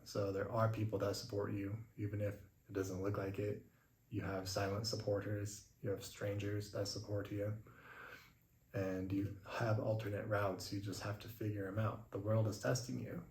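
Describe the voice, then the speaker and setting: A man's voice: fairly low pitch, normal speed. Casual young man telling a story, roomy echo. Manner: casual, lots of "like" fillers; animated retelling, acts out his own past lines. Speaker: podcast host. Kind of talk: storytelling monologue.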